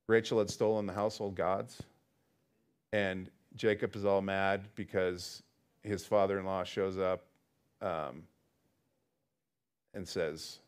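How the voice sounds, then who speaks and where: A man teaching a Bible study in a relaxed, conversational way, reading scripture aloud and then explaining it with chatty asides. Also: fairly low pitch, clean tone.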